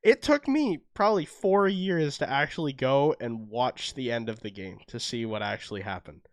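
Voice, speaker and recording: A man's voice: mid-range voice, moderate pace, dry recording, studio quality. A young Canadian man co-hosting a podcast, telling stories in casual chat and acting out the quotes. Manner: animated storytelling, acts out quotes. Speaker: podcast co-host.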